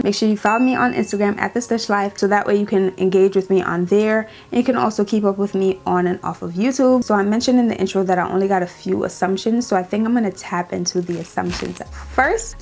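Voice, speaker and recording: A young woman with a New York accent, chatting casually to her viewers in a Q&A vlog in an upbeat way. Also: mid-range voice. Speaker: YouTuber hosting her channel.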